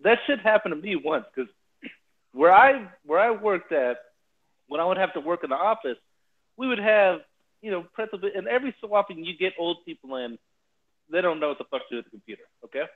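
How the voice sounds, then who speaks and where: High-voiced man over a tinny line. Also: expressive, brisk. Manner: profane, laughing banter. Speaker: podcast co-host. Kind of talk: casual chat.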